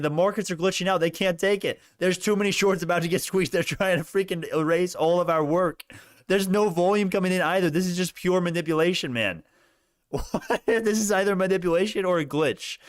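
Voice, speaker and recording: A young man giving animated live commentary on stock prices, laughing and repeating himself, his voice worn out. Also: high-pitched, no room sound, clean studio sound. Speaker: stock market streamer. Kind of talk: excited live market commentary.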